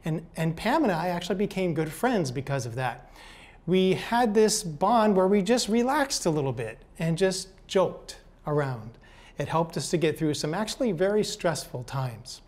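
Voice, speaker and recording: Older man telling folksy, gentle stories. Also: a little high, expressive, normal speed. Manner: gentle, folksy, repeats words. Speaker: speaker. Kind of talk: motivational storytelling talk.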